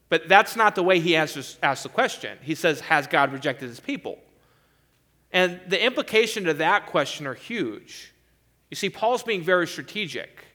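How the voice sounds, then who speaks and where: Male preacher, bright tone, emphatic expository sermon delivery. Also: high voice.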